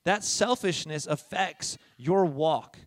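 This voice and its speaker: Animated preacher man, dry close sound. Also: on the high side, slow, no echo. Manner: conversational, often adding "all right?" and "okay?"; animated, swinging from soft asides to loud emphasis. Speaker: pastor. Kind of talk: sermon.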